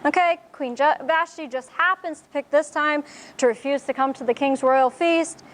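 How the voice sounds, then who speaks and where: A woman's voice: high voice, moderate pace, slight background noise. A woman teaching a Bible study sermon in a conversational way, with frequent fillers and restarts. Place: church.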